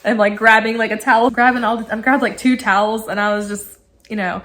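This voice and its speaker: A woman in her thirties tells a storytime vlog in a casual, chatty way. Her voice sits a little high, and she laughs often. She bursts into excited quotes of herself as she goes. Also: fast. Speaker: vlogger.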